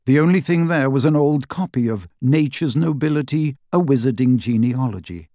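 A man's voice: mid-range voice, no room sound. Male audiobook narrator, dry close sound. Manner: measured, expressive storytelling. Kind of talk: scripted narration.

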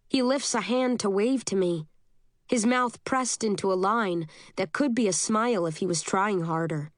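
A woman reading a first-person novel aloud as an audiobook narrator, steady and measured. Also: mid-range voice, dry recording, clean studio sound.

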